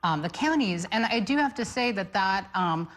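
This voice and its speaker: A woman weighs in on a studio political panel in a measured way. She pauses often with small hesitations, and her voice sits at an ordinary middle pitch. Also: expressive, fairly bright tone.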